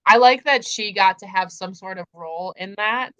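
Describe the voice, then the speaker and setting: A woman's voice: mid-range voice, normal speed, fairly bright tone, clean tone, highs cut off. A young woman hosting a casual book chat livestream, gushing and emphatic as she talks through the story. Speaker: host.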